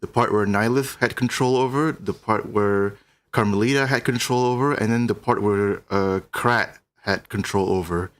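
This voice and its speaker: A man with a somewhat low voice talks through his reactions on a live stream. He chats loosely and meanders as he thinks aloud, drifting between remarks in a relaxed, off-the-cuff way. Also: moderate pace. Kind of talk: casual reaction commentary.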